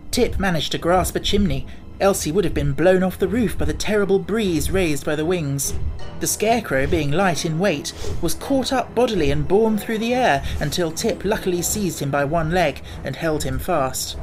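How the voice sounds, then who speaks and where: A man reading a classic children's fantasy novel aloud as an audiobook narrator, in a measured, expressive storytelling manner. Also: on the high side, music in the background.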